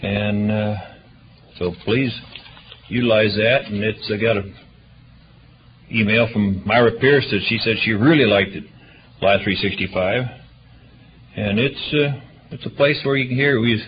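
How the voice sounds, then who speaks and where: A man's voice: lowish voice, unhurried, long pauses. A man serving as church deacon, reading out prayer requests and announcements in a rambling, chatty way with frequent hesitations. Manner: rambling, chatty, self-correcting with many uhs. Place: church meeting room. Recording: muffled livestream audio with faint hiss.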